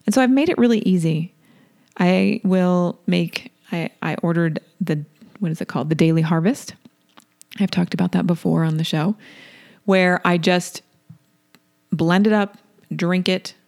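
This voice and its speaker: A middle-aged woman hosting a solo wellness podcast, speaking in a soft, deliberate, affirming way and repeating key phrases. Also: lowish voice, gravelly. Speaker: podcast host and wellness coach.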